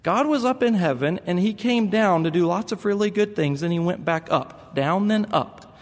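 A man's voice: sits high, normal speed, long reverb tail, voice pushed up, natural voice. A man voicing an earnest four-year-old boy who insists and scolds. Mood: explaining.

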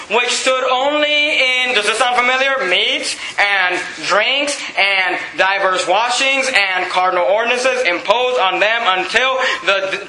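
A man preaching a sermon in a church, emphatic and animated, reading verses and breaking off for jokes and asides. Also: extremely high pitch, slight background noise. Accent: non-standard accent. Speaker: pastor. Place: church sanctuary. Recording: echoey church room.

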